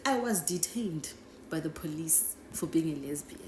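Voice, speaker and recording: A young woman telling a casual storytime, chatty and animated, constantly checking in with "right?" and "guys". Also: low-pitched, normal speed. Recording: echoey room with faint noise.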